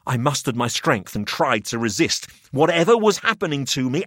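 A man narrating a macabre tale in the first person, expressive and dramatic. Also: mid-range voice, normal speed, hardly any pauses, no room sound, clean studio sound. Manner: expressive, rising to frantic shouts in dialogue.

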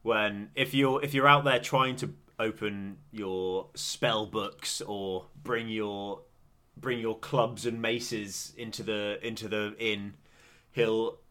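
A man's voice: fairly low pitch, fairly even intonation, slow, sharp tone. A young English man co-hosting a podcast in casual chat, laughing often and rambling with frequent restarts. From England. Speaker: podcast co-host.

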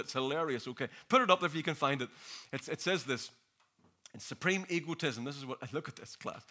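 A man preaching a lively, jokey sermon, laughing often and calling out to the crowd, tired and jet-lagged. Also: high-pitched.

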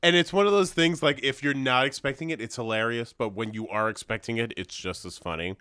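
A man's voice: mid-range voice, brisk, clean tone, dry recording, studio quality. A man with kids, a guest on a podcast, chatting casually and laughing often. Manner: animated, laughs often, acts out film quotes. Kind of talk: casual chat.

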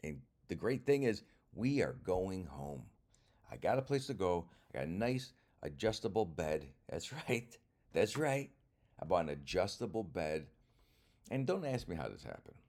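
A man's voice: sits low, sing-song, normal speed, a little mellow. An older man, a comedian, talking through a casual rambling monologue in a wry, self-mocking way and swearing freely.

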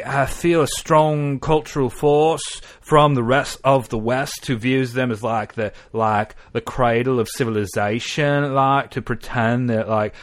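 A man voicing a stoned, rambling young woman student in a slow drawl full of fillers. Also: mid-range voice, lightly acted.

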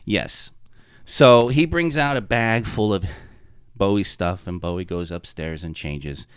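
A man's voice: deep voice, measured pace, smooth, dry recording, studio quality. A man co-hosting a podcast, animatedly recounting a tabletop game session he ran as game master. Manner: animated storyteller.

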